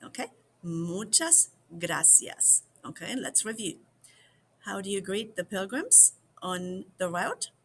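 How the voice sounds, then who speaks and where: American lady teaching phrases, slow repeat after me style, kinda gravelly voice. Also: medium pitch, animated, fairly bright tone, slight background noise. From United States. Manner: drills phrases slowly, repeats them for viewers. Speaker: language teacher.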